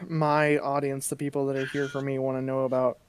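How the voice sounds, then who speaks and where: A young man co-hosting a casual podcast, joking around in quick, animated bursts. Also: mid-range voice, clean tone. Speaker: podcast co-host. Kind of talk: casual chat.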